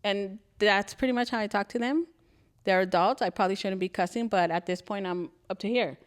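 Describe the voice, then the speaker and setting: Woman, podcast co-host, casual chat, blunt and heated, cussing, mid pitch. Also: brisk, clear, resonant tone.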